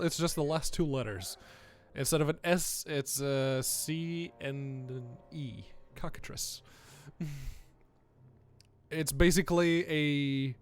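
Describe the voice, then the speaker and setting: A young adult man hosting a live stream, giving casual gameplay commentary, chatty and laughing often. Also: fairly high pitch. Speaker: streamer host.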